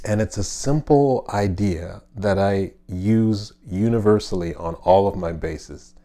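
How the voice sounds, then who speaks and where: A man hosting his own channel, giving a casual, friendly bass lesson with fillers and asides from a home studio. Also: mellow. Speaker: bass teacher and channel host. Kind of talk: casual instructional talk.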